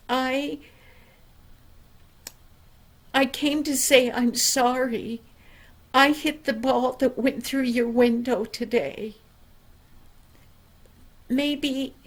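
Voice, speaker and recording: A nervous little boy in a storybook tale, stammering and pleading in a raised, higher voice, as an older woman puts him on. He drags slowly through his words, reluctant and unsure. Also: steady tone, heavily acted. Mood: hesitant. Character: young boy, nervous and hesitant.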